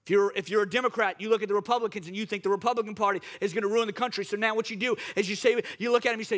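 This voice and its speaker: High-voiced, fervent male preacher. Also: fast, hardly any pauses, pushed and bright. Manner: impassioned, repetitive exhortations. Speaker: pastor. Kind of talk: sermon.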